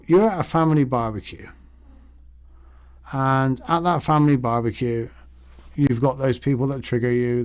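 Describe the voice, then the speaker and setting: A man's voice: mid-range voice, darkish tone. A man teaching meditation in a casual, rambling way, acting out the thoughts in his head. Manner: rambling and conversational, acts out inner thoughts.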